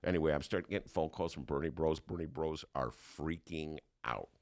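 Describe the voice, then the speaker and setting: A man's voice: extremely low pitch, a little fast. An older man hosting a podcast, telling stories in a casual comedic monologue and slipping into put-on voices. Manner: animated storytelling with put-on voices. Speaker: podcast host.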